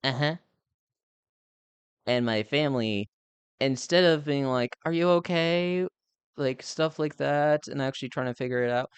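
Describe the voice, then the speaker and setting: A man's voice: medium pitch, moderate pace, pauses often, clean tone, dry recording. A young man chatting casually as a live streamer, speaking candidly and rambling with lots of filler words. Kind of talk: casual chat.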